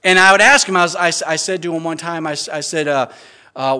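A man's voice: fairly high pitch, fairly even intonation, a little fast, pushed and bright. A middle-aged man preaching an earnest sermon as pastor, with frequent stammering restarts and emphatic rises.

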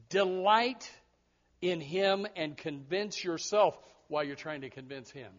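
A man's voice: a little high, unhurried. A man preaching a sermon, speaking emphatically and often repeating words as he restarts. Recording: dull lo-fi recording.

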